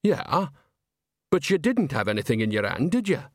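A man's voice: a little high, very animated, normal speed, dry recording, studio quality, voice pushed up. A man voicing a cheerful, earthy old woman witch who talks in a rambling, folksy, sly way. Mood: chatty. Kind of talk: audiobook character voice.

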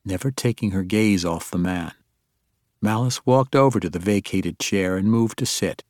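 A man narrating a fantasy audiobook in a measured, even storytelling manner. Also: deep voice, no echo, studio quality.

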